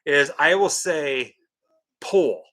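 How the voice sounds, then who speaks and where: An animated male co-host chatting casually on a livestream. His voice is bright and forward, and he teases and protests with lots of energy. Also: fairly high pitch, normal speed. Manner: animated, incredulous, teasing.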